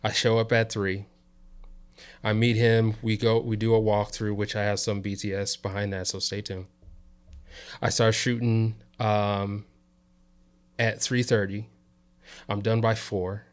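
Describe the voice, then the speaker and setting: A man from the South Side of Chicago, a guest on an interview show, telling a work story in a relaxed way and checking in with "you know" and "right?". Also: fairly low pitch, unhurried, pauses often, clean tone. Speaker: interview guest, videographer and coach. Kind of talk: casual storytelling chat.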